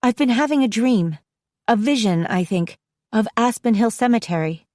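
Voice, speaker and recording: A woman narrator voicing an upset, defiant teenage girl who pleads in a raised, higher voice. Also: lively intonation, moderate pace, darkish tone, dry recording, clean studio sound, close to an everyday voice. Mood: pleading.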